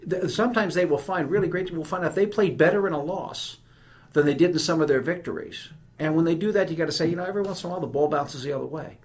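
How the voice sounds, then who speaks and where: Fast-talking New York man, animated. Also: fairly high pitch. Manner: animated storyteller, emphatic. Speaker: guest, retired army general. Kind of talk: conversational podcast interview.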